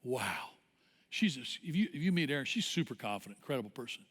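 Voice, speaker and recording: A male pastor preaching a sermon in an animated, conversational storytelling way. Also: medium pitch, fast talker. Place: church auditorium. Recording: long church hall reverb.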